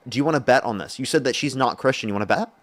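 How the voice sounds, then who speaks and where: A man's voice: mid-range voice, rapid-fire, a bit bright. A man hosting a heated live debate, insistent and interrupting, repeating his demands. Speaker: host.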